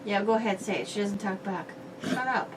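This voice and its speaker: A woman's voice: medium pitch, a little fast. Sarcastic woman, distant and noisy. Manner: teasing, sarcastic. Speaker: co-host of a beer review channel. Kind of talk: casual banter. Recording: distant mic with background noise.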